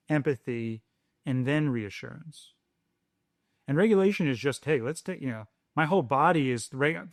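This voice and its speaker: A man co-hosting a parenting podcast, talking slowly and soothingly as he explains how to calm a scared child. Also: mid-range voice, dry recording, studio quality. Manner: slow, soothing, deliberate. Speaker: podcast co-host. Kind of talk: calm parenting advice chat.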